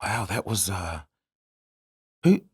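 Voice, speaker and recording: A man's voice: low voice, very animated, takes it slowly, darkish tone, husky. A man hosting a casual podcast interview, chatty and laughing easily. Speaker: podcast host.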